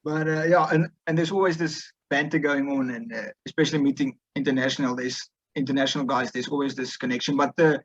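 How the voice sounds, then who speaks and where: A man's voice: mid-range voice, fairly even intonation, quick pace, few pauses, no echo, dull audio. A young man in his twenties from South Africa, with a South African accent, speaking casually in an interview with many fillers and restarts. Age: 20s. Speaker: guest, student rugby player.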